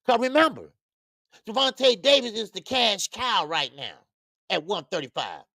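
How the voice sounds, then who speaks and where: A man's voice: sits high, big pitch swings, moderate pace, sharp tone, no echo, studio quality. A man hosting a casual boxing talk livestream, slangy and rambling, greeting chat viewers by name and stumbling into stammered restarts. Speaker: boxing show host. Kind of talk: casual live-stream talk.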